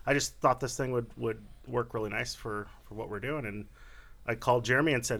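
A man casually telling a story on a podcast, relaxed and rambling. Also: mid-range voice, brisk, vocal fry. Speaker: business partner, guest.

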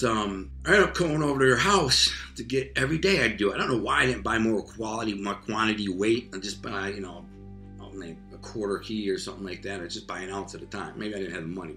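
A man telling a rough street story in casual talk, animated and streetwise, acting out voices and sound effects. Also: lowish voice, roomy sound.

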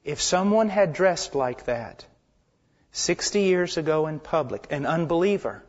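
A man preaching a sermon with passion, swinging from loud, emphatic lines down to hushed near-whispers. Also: a little high, expressive, unhurried. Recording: dull lo-fi sermon recording.

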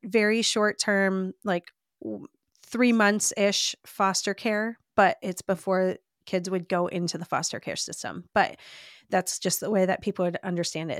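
A woman's voice: mid-range voice, dry recording, clean studio sound. Earnest woman sharing a heartfelt testimony. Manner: earnest, heartfelt storytelling with frequent "like". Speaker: podcast guest. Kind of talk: personal faith testimony in conversation.

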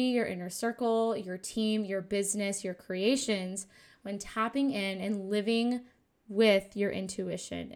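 A woman's voice: a little high, fairly bright tone. Chatty, gushing woman podcast host. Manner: gushing, chatty, lots of "you guys" and "like". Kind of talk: casual spiritual podcast talk.

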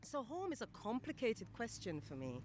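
A woman in her fifties, born in Britain and raised in Guyana, telling lively stories in an interview, acting out the voices of the people she quotes. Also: on the high side, normal speed, slight background noise. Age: 50s. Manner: animated, acts out quoted voices, many fillers and restarts. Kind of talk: casual storytelling interview.

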